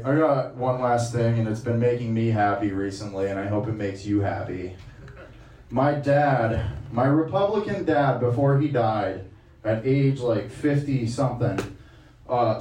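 A man's voice: roomy sound, distant mic, a little hiss or hum, rough recording. A man doing a stand-up comedy set, brash and crude in his delivery. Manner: brash, crude, loud swings in pitch.

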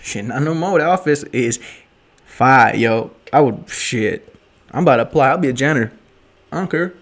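A man's voice: mid-range voice, animated, moderate pace, fairly bright tone. A young man talks to the camera late at night with a drink in hand, rambling through a story in heavy slang. His voice sits in a mid range, and he swears and jokes constantly. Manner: rambling, profane, joking slang with 'yo' and 'bruh'. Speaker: vlogger.

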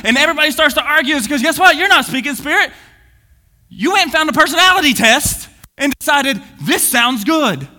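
A man preaches with restless energy, his voice swinging from booming to hushed. His voice sits very high and sounds sharp and forceful. The long reverb of a church hall trails behind every phrase. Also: lively intonation, fairly quick. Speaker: pastor. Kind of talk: energetic sermon.

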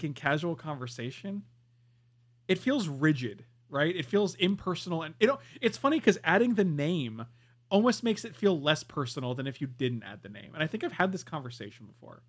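Animated man on a podcast. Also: fairly high pitch, normal speed. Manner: animated, emphatic. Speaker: podcast co-host. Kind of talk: casual chat.

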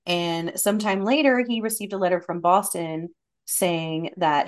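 A woman hosting a podcast, telling stories in a relaxed, chatty way with frequent fillers. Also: fairly low pitch, measured pace. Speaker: podcast host. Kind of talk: casual podcast storytelling.

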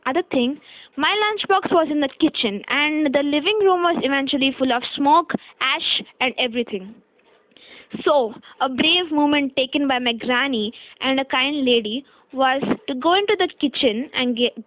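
Young girl chatting away, high voice, keeps correcting herself, tinny phone-ish sound. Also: moderate pace, no room sound. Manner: chatty, rambling, self-correcting, frequent "okay?" asides. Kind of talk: casual storytelling.

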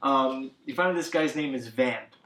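A man's voice: medium pitch, normal speed, a bit bright, slight background noise. A man in casual podcast chat, rambling with lots of fillers as he recaps a video game plot. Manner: rambling, many fillers, acts out characters' lines. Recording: echoey room.

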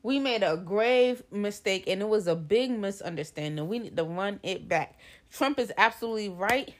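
A woman co-hosting a podcast in casual chat, blunt and animated, swearing freely. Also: mid-range voice, normal speed, slight background noise. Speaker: podcast co-host.

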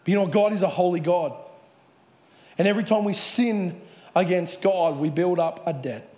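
A man's voice: high voice, normal speed, dark tone. A man preaching a sermon in a church hall, earnestly retelling a Bible parable. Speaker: pastor.

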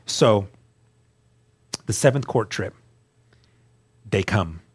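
A man's voice: on the low side, animated, very slow, slightly rough. A man as a guest, telling his personal story in an earnest, candid way, often restarting and repeating words. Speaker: guest sharing his testimony.

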